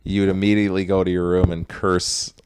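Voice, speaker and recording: A man hosting a casual comedy podcast, asking game questions and laughing loudly and often. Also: low-pitched, flat delivery, brisk, smooth, dry recording. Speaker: podcast host.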